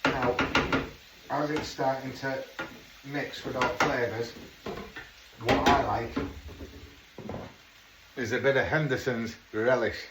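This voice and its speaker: Speaking slowly with long pauses, this middle-aged English home cook has a mid-range voice and fairly even intonation. He chats casually through his cooking vlog at home, occasionally muttering a swear word, recorded far off in a noisy, echoey kitchen.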